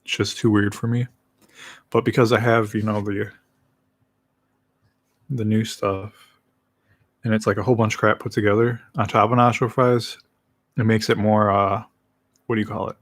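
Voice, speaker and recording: Low-ish guy just rambling on his stream, super slow and easygoing, dry close sound. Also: flat delivery, dry recording. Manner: rambling, laid-back, laughs easily. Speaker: livestreamer. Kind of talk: casual rambling chat.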